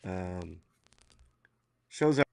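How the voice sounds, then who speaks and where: Hoarse, gravelly-voiced male podcast host. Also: low-pitched, animated, very slow, no room sound, clean studio sound. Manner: rambling, lots of fillers. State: hoarse, losing his voice. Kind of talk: casual livestream chat.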